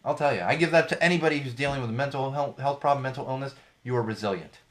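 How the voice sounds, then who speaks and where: A man's voice: medium pitch, racing. A young man hosting a solo podcast, talking candidly and rambling, with frequent restarts and fillers. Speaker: podcast host. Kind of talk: casual solo podcast talk.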